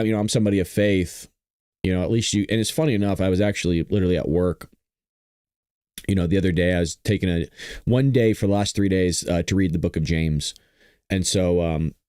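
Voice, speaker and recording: Brief: low-pitched male streamer, tearful and shaken, dry close sound, broken halting delivery. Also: a little mellow, clean tone, no room sound. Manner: halting, trailing off and restarting. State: tearful, choked up. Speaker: livestream host. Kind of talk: emotional live stream talk.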